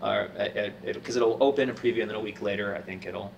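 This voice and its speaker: A man's voice: fairly low pitch, fast, gravelly, muffled recording. Man, casual podcast chat, rambling, jokey, distant mic, faint background noise. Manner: rambling, jokey, animated when quoting. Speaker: podcast co-host, stage actor.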